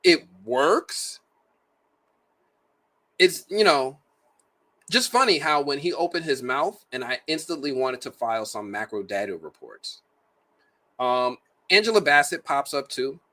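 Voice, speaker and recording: A man's voice: medium pitch, normal speed. A man reviewing a movie in a casual, jokey, slang-filled way. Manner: animated, slangy, jokey delivery.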